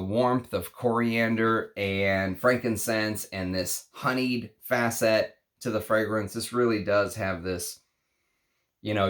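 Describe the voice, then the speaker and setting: A man casually reviewing fragrances on his vlog, lingering with enthusiasm over long lists of scent notes. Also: fairly low pitch.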